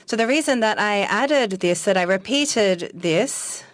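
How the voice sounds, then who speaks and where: A woman interpreting consecutively at a press conference, careful and halting, correcting herself as she goes. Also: mid-range voice, lively intonation, no room sound.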